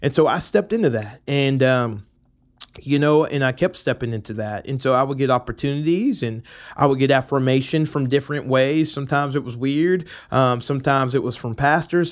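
Man, teaching pastor, candid storytelling, animated, playful asides, middle pitch. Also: clean tone. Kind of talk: personal storytelling on a podcast.

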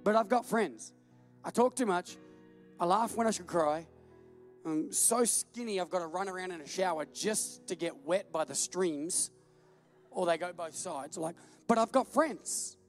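A man preaching with a very high, light voice, joking about himself and breaking into laughter as he tells stories. Faint music sits under his sermon. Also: a little slow. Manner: self-deprecating, animated storytelling with laughs. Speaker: pastor. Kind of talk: humorous sermon.

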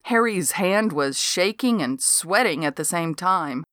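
A woman's voice: lowish voice, animated, measured pace, a bit bright, no echo, clean studio sound, soft background music. A woman narrating a folksy first-person story in a wry storytelling manner, scripted audiobook reading.

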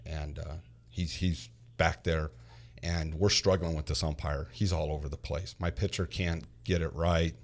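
A man who is a parent and youth baseball coach, telling stories in a casual chat, animated and repeating his words as he acts out quotes. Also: extremely low pitch, unhurried.

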